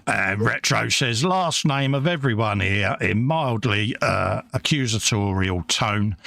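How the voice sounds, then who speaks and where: A man hosts a relaxed livestream chat and reads viewers' messages aloud, calling everyone mate. His voice sits at a middle pitch and sounds close and dry, with no room around it. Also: vocal fry, no room sound. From England. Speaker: livestream host.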